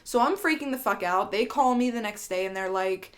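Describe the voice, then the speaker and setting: A woman's voice: mid-range voice, a little fast. Woman vlogger, young, storytime, candid, chatty, swears a lot, rambling. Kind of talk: storytime vlog.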